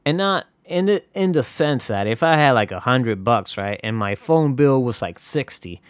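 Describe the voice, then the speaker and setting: A man's voice: mid-range voice, animated, moderate pace, no room sound. Rambling, swearing male podcaster. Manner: rambling, swears a lot, jokey asides. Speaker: podcast host. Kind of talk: casual solo podcast monologue.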